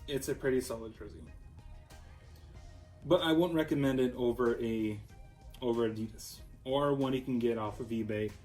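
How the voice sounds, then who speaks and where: A man's voice: medium pitch, darkish tone, rough recording. A man from Minnesota, talking casually and rambling through a jersey collection with lots of fillers and restarts. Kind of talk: casual showcase vlog.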